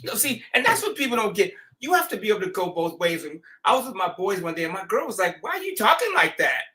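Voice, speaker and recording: Lively man telling stories. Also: high-pitched, fast talker, slight background noise. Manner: animated, slangy, acts out quotes with laughs. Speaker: show host. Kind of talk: casual storytelling chat.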